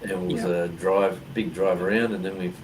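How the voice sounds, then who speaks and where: Co-hosting a laid-back conversation, this Australian man spins rambling stories full of fillers. His voice is low-pitched and fairly quick, with little pitch movement. A distant mic captures him along with clear background noise.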